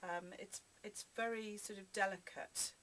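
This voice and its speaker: A woman guest on a radio show, explaining a dish gently and hesitantly with many ums. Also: medium pitch, steady tone, measured pace, slight background noise. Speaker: studio cooking guest. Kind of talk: cooking demonstration chat. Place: radio studio.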